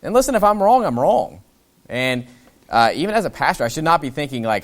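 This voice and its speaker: A male pastor preaching a casual expository sermon, voicing the kings' lines in his own plain voice and swinging between loud emphatic bursts and quiet asides. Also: a little high, big pitch swings, a little fast.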